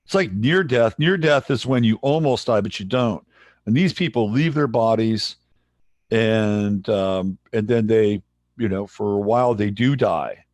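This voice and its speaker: A man hosting a livestream in casual chat, relaxed and rambling as he greets viewers. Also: fairly low pitch, a little slow, dry recording. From San Jose, California, USA. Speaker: livestream host.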